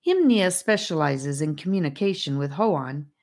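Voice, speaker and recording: A woman's voice: low voice, lively intonation, normal speed, a little mellow. A woman narrating a storybook, reading aloud and addressing the listener. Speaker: audiobook narrator.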